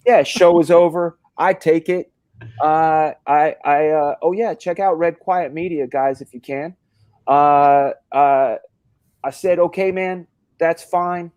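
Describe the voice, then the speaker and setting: A man's voice: mid-range voice, a little mellow, no echo. Man, stream host, rambling storyteller, salty language, dead-dry sound. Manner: rambling storyteller, swears freely, many restarts. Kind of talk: casual live-stream chat.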